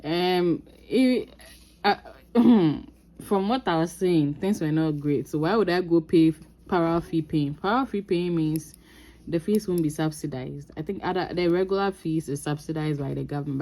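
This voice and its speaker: Ghanaian woman telling a lively personal story. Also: low-pitched. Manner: animated, laughs often, dramatizes her past self. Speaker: crafting vlogger. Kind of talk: casual storytelling.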